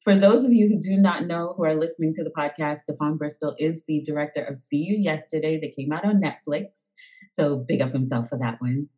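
Lively laughing woman podcast host. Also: deep voice, a little fast, low-quality recording. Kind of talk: casual interview chat.

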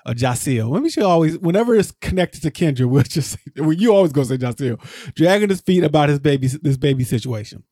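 A man co-hosts a casual recap with a slightly raised voice, rambling and circling back on himself. When something exasperates him, his pitch shoots up. The sound is dry and close to the mic. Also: lively intonation, fast, mellow, no room sound. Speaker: podcast co-host.

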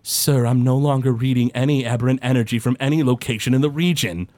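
A man's voice: mid-range voice, quick pace, darkish tone, dry recording, lightly acted. A man voicing a dutiful male cultist underling who reports formally. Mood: worried report.

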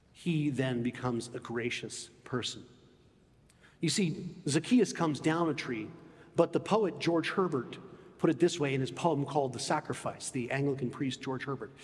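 Emphatic preacher man, higher voice. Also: a little slow, long pauses, long reverb tail. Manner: emphatic, drops low and soft on key phrases. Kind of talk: sermon.

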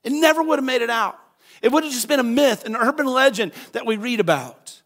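A male pastor preaching a sermon in a church, animated and acting out voices, at times rising to a shout. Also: very high-pitched, brisk. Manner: animated, acts out quoted voices, rises to shouts.

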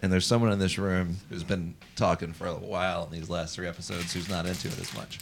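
Podcast host, a man, lowish voice, rambling and jokey, faint ambience. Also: fairly even intonation, fast talker, vocal fry, background noise. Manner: rambling, jokey, many fillers.

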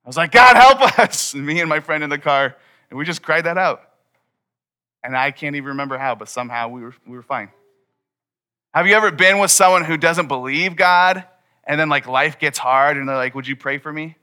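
Bright-voiced casual young preacher man. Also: fairly high pitch, fairly quick, clean tone. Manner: casual, conversational preaching with many "like"s. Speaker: pastor. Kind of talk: sermon. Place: church hall before a congregation.

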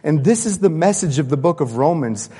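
Animated preacher, slightly high voice, reverberant church. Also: male voice, a little fast, breathy edge. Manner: animated, acts out voices of people he quotes. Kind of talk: sermon. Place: church sanctuary. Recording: long church-hall reverb.

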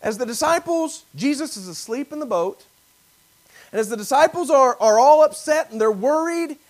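A man preaching a sermon, acting out biblical voices and swinging from loud emphasis to near whispers. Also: very high voice, low-quality recording. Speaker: pastor.

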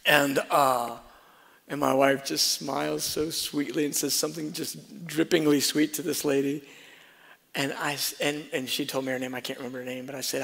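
A man preaching a sermon, telling a personal story and swinging between soft asides and loud emphasis. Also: fairly high pitch, normal speed, gravelly. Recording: reverberant hall.

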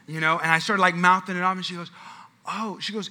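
Bright-voiced pastor telling a story. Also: male voice, high-pitched, fast. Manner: storytelling, animated and chatty, many restarts and asides. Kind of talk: sermon-style Q&A at church.

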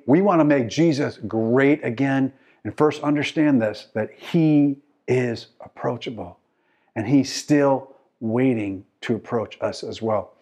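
A male pastor preaching a sermon with passion. His delivery swings from quiet to loud, and he calls out to the congregation. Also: medium pitch, slightly rough. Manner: impassioned, swinging from soft to loud.

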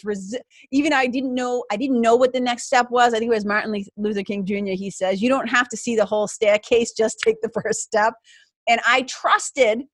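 A middle-aged woman talks with a bright, somewhat high voice, acting out her own past thoughts and laughing as she tells a story. Her voice sits close and dry, with no room sound around it. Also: no room sound. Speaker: guest. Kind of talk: podcast interview storytelling.

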